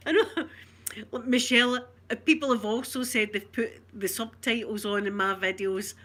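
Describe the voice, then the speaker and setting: A woman's voice: a little high, measured pace, long pauses, fairly bright tone. A Scottish woman from Scotland in casual live chat, talking to viewers, laughing often and reading out their comments. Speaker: vlogger.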